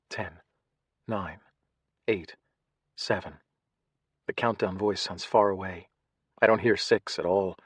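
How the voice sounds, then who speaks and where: A man narrating an audiobook in first person, measured, shifting between hushed and tense passages. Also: lowish voice, no echo.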